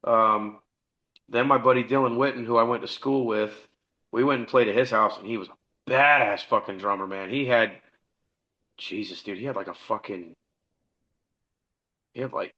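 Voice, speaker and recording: Profane rambling storyteller, bright voice. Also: male voice, medium pitch, steady tone, normal speed, long pauses, muffled recording. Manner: rambling, profane, acts out dialogue. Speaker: podcast guest, musician. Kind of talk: casual storytelling interview.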